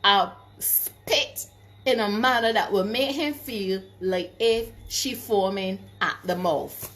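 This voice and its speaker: A middle-aged woman, telling stories in a casual vlog, animated, laughing often, and stopping to give advice. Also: mid-range voice, slow pace. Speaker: vlogger.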